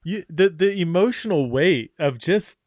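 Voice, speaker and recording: A man's voice: high-pitched, expressive, measured pace, darkish tone, dry recording. A man hosting a podcast, responding reflectively and thinking aloud in conversation. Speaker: podcast host. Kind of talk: conversational interview.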